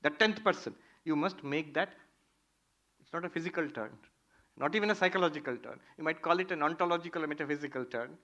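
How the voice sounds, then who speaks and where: A man, a monk giving a spiritual talk, telling stories in a lively, playful way. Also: on the high side. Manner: animated, playful storyteller. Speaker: monk teaching Vedanta.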